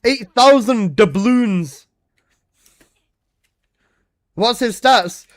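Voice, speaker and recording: A man streaming a game, chatting casually with teasing, excitable banter, repeating himself and swearing freely. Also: extremely high pitch, extremely slow. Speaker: gaming streamer.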